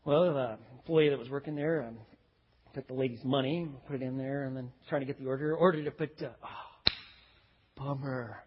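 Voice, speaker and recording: A man's voice: medium pitch, fast, long reverb tail, dull audio, slight background noise. A man preaching a sermon, telling stories and acting out the voices of the people in them. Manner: animated storytelling, acts out quoted voices. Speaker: pastor.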